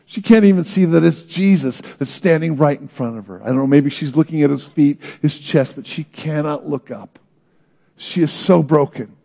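A man preaching a sermon in an earnest, dramatic way, swinging between loud emphasis and hushed moments. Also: fairly high pitch, normal speed, gravelly. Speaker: pastor.

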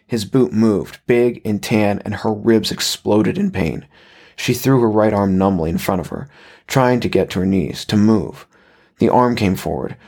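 A male narrator reading a horror story aloud, slow and measured. His voice sits low and husky. He tells the story with steady control.

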